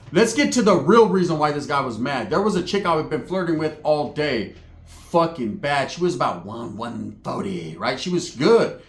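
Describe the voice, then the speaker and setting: Man, comic storytelling, profane slang, slightly high voice, echoey room. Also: a bit bright. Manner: profane, slangy, acts out other people's voices. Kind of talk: comedic storytelling monologue.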